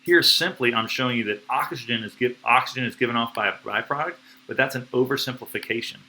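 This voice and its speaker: A man teaching biology on a live stream, excitable and slangy, with playful sound effects. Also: medium pitch, quick pace, rough recording. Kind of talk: enthusiastic live-streamed lecture.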